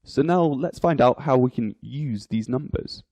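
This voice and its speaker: Man, English teacher, mellow husky voice, dry sound, drills numbers one by one. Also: medium pitch, dry recording. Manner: drills each number aloud, repeating it slowly. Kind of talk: slow, deliberate English lesson.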